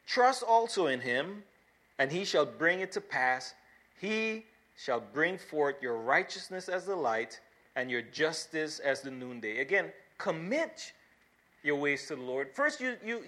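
A man delivers a sermon as a pastor, his voice sitting a little high and ringing bright and forceful. He reads scripture aloud and presses his points by repeating words and building emphasis. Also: lively intonation, measured pace.

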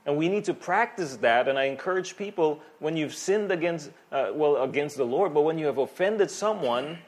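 A man preaching a sermon as pastor, animated and emphatic, with vivid everyday asides. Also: fairly high pitch, normal speed.

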